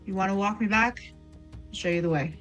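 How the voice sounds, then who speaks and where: A woman voicing a weary, streetwise male smuggler who talks in a folksy drawl with rough slang, in tabletop role-play. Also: medium pitch, fairly quick, a bit bright, muffled recording, soft background music, close to an everyday voice. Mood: persuasive.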